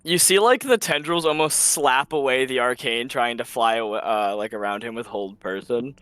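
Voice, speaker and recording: A man's voice: medium pitch, moderate pace, a bit bright, clear, resonant tone, dry recording. A man narrating as game master in a casual, laughing way, full of fillers.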